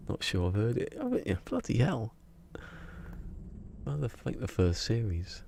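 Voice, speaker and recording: A man's voice: medium pitch, sing-song, unhurried, gravelly, darkish tone. A man chatting casually to his viewers while streaming a game, rambling and half-muttering his asides. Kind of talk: casual gameplay stream chat.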